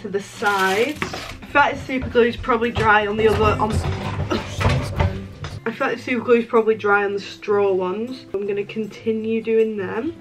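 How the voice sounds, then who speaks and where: A woman's voice: fairly high pitch, fairly bright tone, low-quality recording. Chatty young woman vlogging casually. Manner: chatty, joking, self-mocking asides. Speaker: crafting vlogger. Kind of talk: casual vlog chat.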